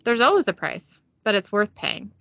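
A woman's voice: medium pitch, huge pitch swings, normal speed, creaky, pushed and bright, dry recording, dull audio, heavily acted. A woman reading the lines of a cheerful, reformed male angel who is now a family man, in a slightly raised voice. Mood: calm.

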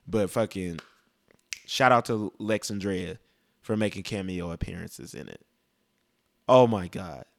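A man's voice: fairly low pitch, moderate pace, gravelly, long pauses. Blunt, profane young man ranting. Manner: blunt, profane, rambling with restarts. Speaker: music commentator. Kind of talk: casual opinionated rant.

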